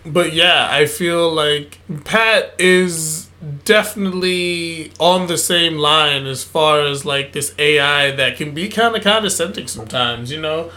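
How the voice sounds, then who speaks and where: A man's voice: fairly high pitch, pushed and bright. A man in his twenties co-hosting a podcast, chatting casually with enthusiastic jokes. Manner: enthusiastic, jokey, drawn-out phrasing. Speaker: podcast co-host. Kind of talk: casual chat.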